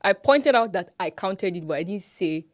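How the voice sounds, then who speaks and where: A Nigerian woman with a Nigerian accent co-hosting a podcast in casual chat, animated, laughing often and mimicking pronunciations. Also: medium pitch, normal speed. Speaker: podcast co-host.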